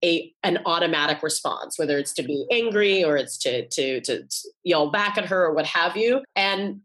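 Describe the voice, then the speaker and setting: A woman's voice: fairly low pitch, lively intonation, moderate pace, fairly bright tone. A woman in her forties, a guest author, talking earnestly in a casual interview and often restarting and repeating her words. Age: 40s.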